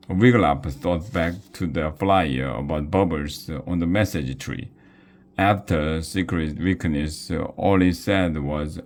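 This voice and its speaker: Deep, slow male storyteller. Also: darkish tone. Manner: slow, with small slips and restarts. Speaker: storybook reader. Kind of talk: reading a children's book aloud.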